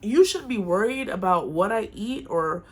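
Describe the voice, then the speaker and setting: A woman's voice: medium pitch, normal speed, husky. A young woman vlogging casual advice to camera, chatty and frank, telling stories from her own life. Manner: chatty, frank, animated storytelling.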